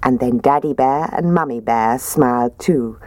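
A woman reading a children's story aloud, expressive and playful with character voices. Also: rumbling low, unhurried, dry recording.

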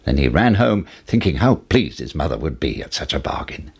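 A man reading a fairy tale aloud as a storyteller, with expressive rises and falls. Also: moderate pace, creaky, breathy edge. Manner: expressive, with wide swings in pitch.

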